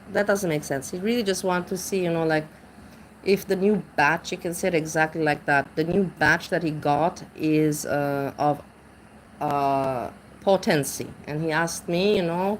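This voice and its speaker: In casual livestream chat, a low-voiced woman reads messages aloud while intoxicated. She wanders, hunts for words, and keeps restarting, captured on a low-quality recording with faint background noise.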